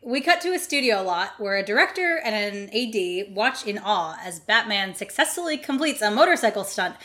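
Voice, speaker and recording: A woman's voice: medium pitch, very animated, moderate pace, sharp tone. A woman co-hosting a podcast, recapping a comic in casual chat and teasing her co-host. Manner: playful, teasing, breaks into laughter.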